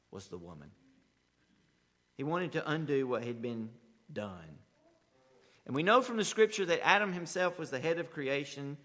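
A male pastor preaching a sermon, emphatic and animated, swinging from loud rising bursts to quiet asides. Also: a little high. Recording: long hall reverb.

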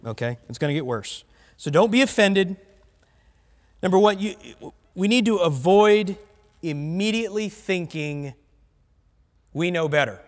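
A man's voice: high-pitched, moderate pace, pauses often, in a large hall. A male pastor from the United States preaching a sermon bluntly, with conversational asides to his congregation. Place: church sanctuary.

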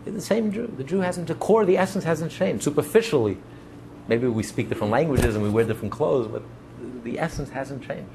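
A man's voice: a little high, animated, a little fast, gravelly, background noise. A man preaching as a rabbi in an impassioned sermon, piling up repeated phrases for emphasis. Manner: repetitive, building emphatic lists.

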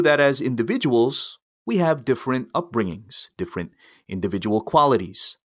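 A male minister giving calm pastoral guidance, speaking in a measured way. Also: mid-range voice, no room sound, studio quality. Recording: soft music underneath.

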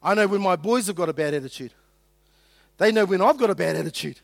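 A man's voice: sits high, expressive, fast, gravelly, no echo, clean studio sound. A middle-aged man preaching a sermon in a conversational, joking way, acting out quotes. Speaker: pastor.

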